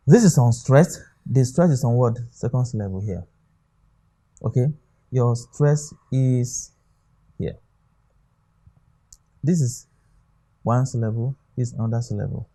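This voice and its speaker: Teaching English for an exam, a Nigerian-accented male tutor keeps asking rhetorical questions and checking understanding with "okay?". His voice has a dark tone and sits at medium pitch.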